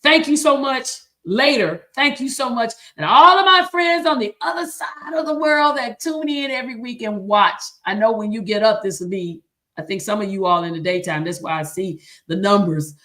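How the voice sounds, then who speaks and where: A woman's voice: on the high side, normal speed, fairly bright tone. A woman choir director hosting a live stream, teaching in an earnest, preacherly way with a slight Southern American accent. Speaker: choir director and show host. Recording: roomy echo.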